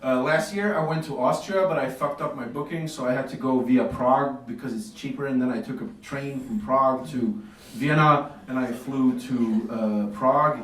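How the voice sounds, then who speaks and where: A man's voice: mid-range voice, normal speed. Stand-up comic laughing through his stories. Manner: loose storytelling, acts out dialogue, laughs at own jokes. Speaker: stand-up comedian. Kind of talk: stand-up comedy set. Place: small café club with audience. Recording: echoey café recorded from far off.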